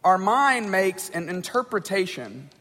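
A man with a high voice gives a casual talk to a group, stumbling over words and often checking in with his listeners. His voice carries a long hall reverb. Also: big pitch swings, a little slow, sharp tone. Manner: conversational, repeats words, checks in with "right?" and "okay?". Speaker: speaker addressing a group. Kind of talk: informal talk on communication.

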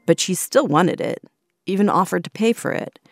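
A woman hosting and narrating a documentary in a measured, reflective way. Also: on the low side, expressive, vocal fry, no echo, faint music behind. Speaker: host and narrator.

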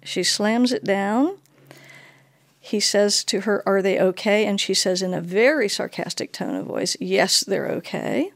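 A woman's voice: mid-range voice, measured pace, no echo. A woman being interviewed, telling her own story with animation and acting out the dialogue she recounts. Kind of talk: personal storytelling.

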